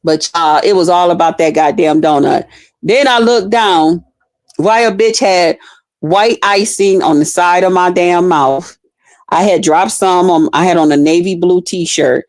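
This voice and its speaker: A woman's voice: fairly low pitch, a little slow, darkish tone, dry recording, clean studio sound. A woman telling a story in a casual, blunt way, swearing freely and laughing as she talks.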